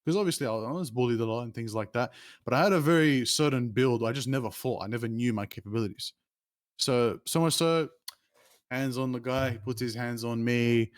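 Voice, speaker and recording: Man in his late 20s, mid-range voice, casual and animated, swings up in pitch mid-story. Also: brisk. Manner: animated, rambling, with sudden pitch jumps. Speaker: interview guest, streamer.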